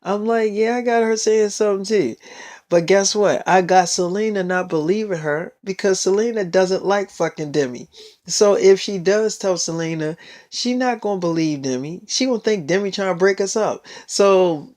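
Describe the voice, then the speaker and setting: A man's voice: high-pitched, moderate pace, a little mellow. A teenage boy telling a rambling story in a casual vlog, full of swearing and fillers. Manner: rambling and heavily profane.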